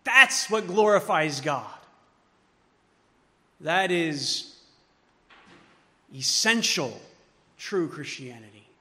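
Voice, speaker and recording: A male pastor delivers a sermon in a high, bright voice that carries a long reverb around him. He swings between hushed, tender passages and loud, emphatic declarations. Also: lively intonation, extremely slow, pauses often.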